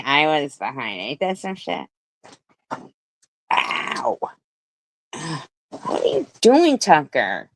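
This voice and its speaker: A woman's voice: low voice, a bit bright, no echo, poor audio. A middle-aged woman hosting a live stream, telling a rambling story with swearing and laughs. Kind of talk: casual live stream chat.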